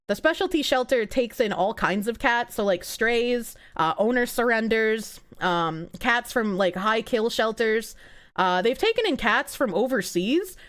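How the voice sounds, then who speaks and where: Animated, swearing woman streamer. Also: on the high side. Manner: animated, gushing, swears freely; breaks into excited squeals. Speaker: livestreamer. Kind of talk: casual live-stream chat.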